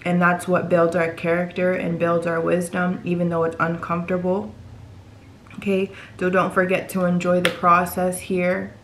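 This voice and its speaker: A woman's voice: fairly low pitch, completely flat delivery, moderate pace, a little hiss or hum. A woman giving a tarot reading to her viewers, reassuring and repeating phrases for emphasis. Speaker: tarot reader.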